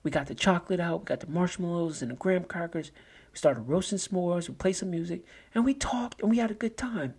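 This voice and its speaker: Male podcast host, husky voice, conversational motivational talk with frequent restarts. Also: sits high, a little fast, darkish tone. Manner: conversational, repeats and restarts phrases while telling stories.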